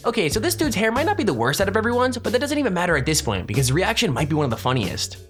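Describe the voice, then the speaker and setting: A man's voice: sits high, sing-song, a bit bright, soft background music. A man narrating a countdown video in a chatty, wry scripted voice-over. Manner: chatty, wry, fast-paced.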